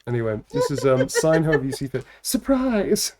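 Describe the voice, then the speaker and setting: A man's voice: mid-range voice, fast, a loud crowd. A tired man hosting a livestream, chatting casually and laughing often as he teases his co-host and thanks viewers. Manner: laughs often, playful and teasing. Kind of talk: casual live-stream chat.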